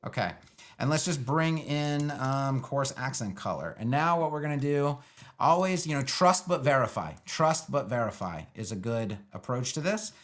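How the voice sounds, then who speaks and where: Brief: man at mid pitch, laid-back tutorial talker, dry sarcastic asides. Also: expressive, moderate pace. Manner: loose, sarcastic, thinks aloud with many fillers. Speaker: web design educator building a page live. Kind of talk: casual live screen-share tutorial.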